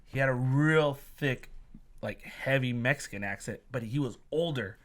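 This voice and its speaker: A man co-hosting a casual podcast, telling animated stories and laughing often. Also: medium pitch, moderate pace. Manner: animated storyteller, laughs a lot. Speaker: podcast co-host. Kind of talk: casual chat.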